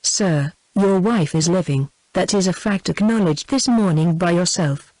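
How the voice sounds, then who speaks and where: A synthetic female voice with a British English accent, reading the lines of a calm, principled young governess in an even, unhurried way. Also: lowish voice, no echo, poor audio. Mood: firm.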